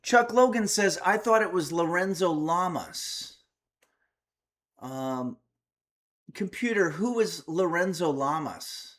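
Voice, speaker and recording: A man's voice: high voice, expressive, takes it slowly, pauses often, a bit bright. A man hosting a casual home livestream, reading viewer messages aloud and answering with wry, chatty remarks. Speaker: streamer and cooking host.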